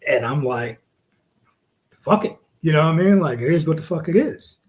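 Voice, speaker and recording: A man's voice: fairly high pitch, expressive, quick pace, darkish tone. A man who wrestles, telling a story to a podcast host in a casual, profane way. He acts out the quotes and sometimes drops to a whisper.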